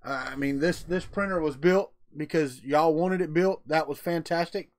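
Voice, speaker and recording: Middle-aged man hosting a live stream, folksy and chatty, voice a bit high, dry mic. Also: normal speed, dry recording. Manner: chatty, folksy, answers chat between thoughts. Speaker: livestream host. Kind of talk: casual live-stream chat.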